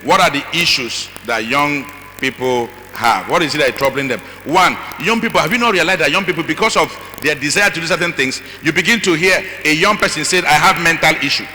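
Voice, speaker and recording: A middle-aged man speaking as a conference speaker, animated and acting out voices with asides to the audience. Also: fairly high pitch, a little fast. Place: large conference hall. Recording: long hall reverb, faint noise.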